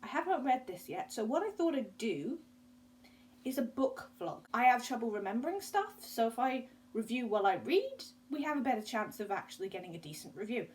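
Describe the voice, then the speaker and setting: A woman with a fairly high voice chats casually to camera in a book vlog. She gushes and bubbles with enthusiasm and breaks into laughter easily. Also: sing-song, darkish tone, husky, poor audio. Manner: bubbly, gushing, quick to laugh. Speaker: book vlogger.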